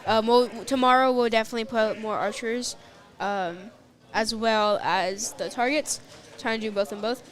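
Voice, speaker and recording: A woman's voice: fairly high pitch, steady tone. A woman with a Texan accent co-hosting a live archery stream, speaking hesitantly with many fillers. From Texas. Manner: hesitant, filler-heavy, slow wrap-up talk. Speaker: livestream co-host. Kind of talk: casual live commentary chat.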